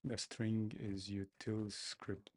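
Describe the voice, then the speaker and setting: A man talking to himself as he codes, complaining loudly, then explaining each step casually. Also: on the low side, flat delivery, slow pace. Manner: exasperated, talks to himself while coding. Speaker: developer livestreaming his coding. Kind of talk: casual coding commentary.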